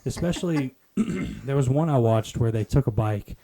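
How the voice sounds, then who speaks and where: A man's voice: mid-range voice, lively intonation, normal speed, vocal fry, dark tone. A man hosting a casual podcast, reacting with dry quips and giving blunt opinions. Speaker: podcast host.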